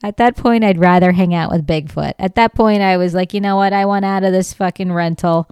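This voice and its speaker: A woman's voice: fairly low pitch, fairly quick, clear, resonant tone, dry recording. A woman hosting a comedy podcast, telling a story with lots of swearing and laughter and acting out what people said. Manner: animated, swears freely, laughs often, acts out quoted lines. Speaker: podcast host.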